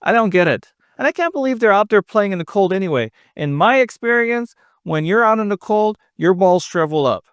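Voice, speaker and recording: A man's voice: high-pitched, animated, fairly quick, hardly any pauses, fairly bright tone, clean tone, no echo, studio quality. A man voicing a clueless, earnest male street reporter who rambles and corrects himself. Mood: defensive.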